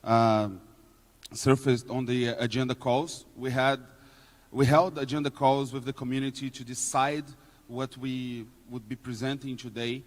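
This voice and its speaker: A man's voice: mid-range voice, flat delivery, unhurried. A man hosting a conference session, introducing the next speaker in a hesitant way with fillers. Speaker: conference host. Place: conference hall. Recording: echoey conference hall.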